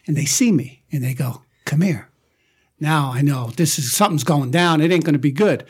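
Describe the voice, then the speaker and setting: A man with a husky, slightly breathy voice tells a story from his childhood in a relaxed guest chat. He springs into quick impressions of his uncles and of his younger self, keeping the rhythm loose and conversational. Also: a little high. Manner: animated storyteller, acts out voices of relatives.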